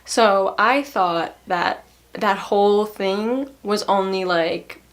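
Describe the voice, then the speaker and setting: A young woman vlogger casually telling a personal story, chatty and laughing, acting out other people's lines in a higher voice. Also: takes it slowly.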